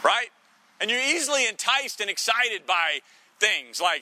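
A man preaching a sermon in a teasing, conversational way, full of quick asides to the congregation. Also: high-pitched, sing-song, sharp tone. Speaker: pastor.

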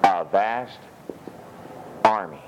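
A man preaching a sermon in a church, reading scripture with animated, rising delivery. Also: very slow, slight background noise, low-quality recording. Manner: animated, rises high when reading scripture.

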